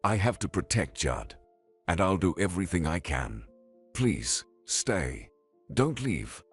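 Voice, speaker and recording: A man's voice: low voice, sing-song, slow, husky, faint music behind, full character voice. A man reading the lines of a remorseful police officer and father, muttering apologies.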